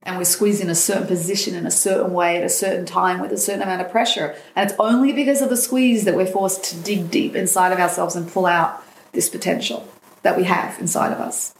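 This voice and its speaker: A woman's voice: on the low side, fairly quick, vocal fry, reverberant. A woman guest on a podcast, telling a personal story with feeling and acting out the lines of the people in it. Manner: animated, acts out quoted dialogue. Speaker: dating coach guest.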